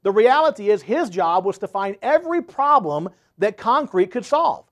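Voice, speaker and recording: A man with a high, bouncy voice coaches service contractors on selling. He tells stories with plenty of emphasis and keeps checking in with "right?". His pitch swings widely from line to line. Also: very animated, moderate pace, a bit bright. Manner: emphatic storyteller, tags points with "right?". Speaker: sales trainer for home service contractors. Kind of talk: motivational sales training talk.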